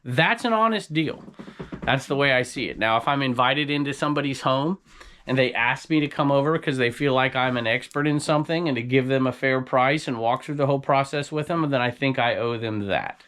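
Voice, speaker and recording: A man's voice: medium pitch, brisk, fairly bright tone. A man reselling secondhand goods, talking casually to camera in an opinionated, rambling way. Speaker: reseller vlogger.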